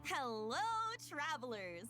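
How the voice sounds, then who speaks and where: A woman's voice: a little high, lively intonation, takes it slowly. A woman hosting a scripted game broadcast in a cheerful, giggly manner. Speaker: program host. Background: background music.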